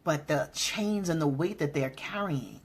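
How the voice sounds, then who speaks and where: A woman's voice: unhurried, breathy edge. A middle-aged woman giving an emphatic motivational talk, drawing out key words and jumping into quoted voices. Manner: acts out quoted voices with sudden pitch jumps. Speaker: motivational speaker.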